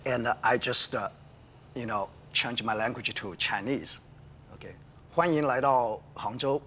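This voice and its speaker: A man's voice: mid-range voice, a little slow, bright, forceful tone, a little hiss or hum. A man demonstrating a device in casual, upbeat speech with frequent fillers. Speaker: product demonstrator.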